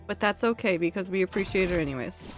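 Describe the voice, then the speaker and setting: A woman's voice: fairly low pitch, quick pace, over music. Rambling playful woman streamer. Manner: rambling, playful, self-mocking. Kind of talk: casual chat while gaming.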